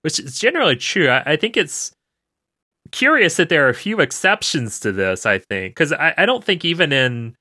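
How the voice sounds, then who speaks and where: A man's voice: on the high side, very animated, normal speed, sharp tone, no echo, clean studio sound. An American man hosting a casual podcast, curious and laughing often as he chats about words. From United States. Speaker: podcast host.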